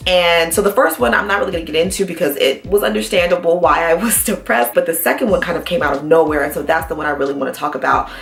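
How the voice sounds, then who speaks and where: A woman's voice: fairly low pitch, fast, vocal fry, hardly any pauses, echoey room, faint music behind. A woman vlogging to her subscribers, speaking in a casual, heartfelt way with nervous chatter and fillers. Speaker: YouTube vlogger. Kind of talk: casual heartfelt talk to camera.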